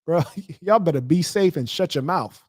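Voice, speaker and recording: Male livestream host, combative trash talk, slightly high voice, dry close mic. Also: expressive, moderate pace, darkish tone, dry recording. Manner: confrontational, trash-talking, slangy. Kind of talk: heated livestream commentary.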